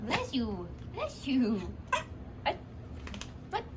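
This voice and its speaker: A woman using baby talk with her whiny little dog, high and sing-song. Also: wildly swooping pitch, very slow, heavy background noise, full character voice. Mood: cooing.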